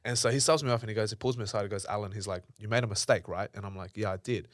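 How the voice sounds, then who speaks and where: A man's voice: on the low side, fairly even intonation, racing, no room sound, clean studio sound. A young man telling stories in a casual interview, swearing often and acting out old arguments in a raised voice. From Australia. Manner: swears freely, acts out past arguments in a raised voice. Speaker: podcast guest, entrepreneur.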